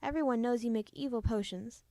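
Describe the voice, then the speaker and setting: A woman's voice: on the high side, a little fast, dark tone, dry recording, natural voice. A woman voicing a stern, protective kindergarten teacher in a storybook reading. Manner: stern, indignant. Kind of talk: storybook read-aloud.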